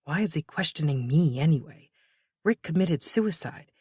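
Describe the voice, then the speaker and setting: An audiobook narrator reading a novel with even, measured delivery. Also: mid-range voice, breathy edge, dry recording, clean studio sound.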